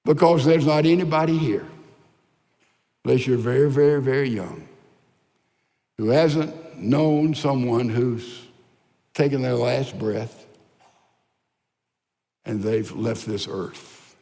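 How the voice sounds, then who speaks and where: An older man preaching a sermon as pastor. His delivery is emphatic and at times drops to soft, hushed lines. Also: mid-range voice, takes it slowly, long pauses. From United States. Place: large church sanctuary. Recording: reverberant large church hall.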